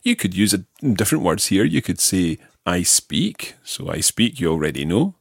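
A gravelly, slightly rough, low-pitched man speaks in a sing-song way while leading Spanish drills. Patiently and slowly, he models verbs and stress for the learner to echo back; the studio sound is clean with no echo.

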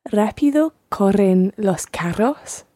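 A woman learner who repeats each phrase after the teacher, carefully and slowly. Her voice is mellow and a little husky. It sounds dry and close. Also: mid-range voice, animated, no room sound.

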